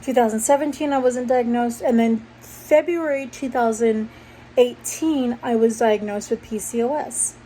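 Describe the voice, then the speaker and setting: A woman's voice: on the high side, normal speed, mellow, poor audio. A young woman vlogger casually telling a personal story, rambling and correcting herself as she goes. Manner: rambling, self-correcting, conversational. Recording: faint background noise.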